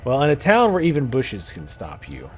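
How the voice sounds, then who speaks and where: A man's voice: mid-range voice, wildly swooping pitch, normal speed, a little hiss or hum. Chatty man musing over a game. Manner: chatty, musing, laughs often. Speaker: gameplay video host. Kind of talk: casual gameplay commentary.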